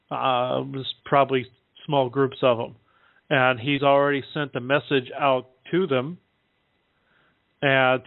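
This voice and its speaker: Halting man on a tinny phone line. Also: mid-range voice, no echo. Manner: halting, full of "uh" fillers. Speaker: guest relaying contact reports. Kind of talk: casual call-in talk.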